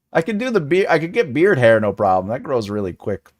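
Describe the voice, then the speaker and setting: A man in his forties chatting casually with his audience during a writing stream. His pitch swings around a lot as he talks. He jokes often, laughs easily and wanders off into rambling asides. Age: 40s. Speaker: writing channel host. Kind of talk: casual livestream chat.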